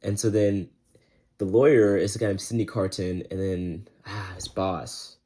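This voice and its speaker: A man's voice: sits low, fairly even intonation, unhurried, dark tone. A young man giving a casual, rambling book review, full of slang and filler words.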